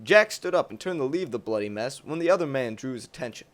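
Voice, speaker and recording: A young adult man narrating a crude comic story in a lively, profane, rambling way. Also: medium pitch, fast.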